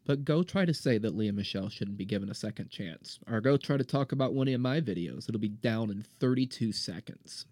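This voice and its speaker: A man's voice: on the low side, animated, fairly quick, few pauses, a little mellow, no echo, clean studio sound. A man in his thirties hosting a podcast, delivering an impassioned, indignant solo rant. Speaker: podcast host. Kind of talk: solo ranting monologue.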